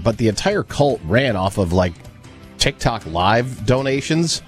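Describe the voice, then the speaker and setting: Chatty lively-voiced man on a podcast. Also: lowish voice, moderate pace, soft background music. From American Midwest. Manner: chatty, tells offhand stories, laughs easily. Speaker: podcast co-host. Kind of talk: casual comedic podcast chat.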